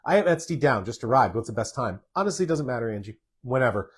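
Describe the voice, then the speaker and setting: Man, doctor, live Q&A, plainspoken, direct answers, slightly raspy voice. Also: medium pitch, expressive, fast talker. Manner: plainspoken, reads questions aloud and answers directly. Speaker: doctor answering viewer questions. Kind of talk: live Q&A reading viewer comments.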